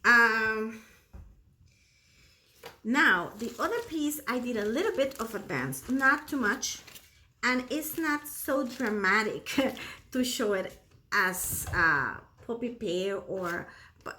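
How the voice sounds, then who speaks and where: Bright, chatty woman. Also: on the high side, lively intonation, takes it slowly, long pauses, a little hiss or hum. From Costa Rica. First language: Spanish. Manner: chatty and enthusiastic, non-native phrasing. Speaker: cross-stitch vlogger. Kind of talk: casual show-and-tell chat.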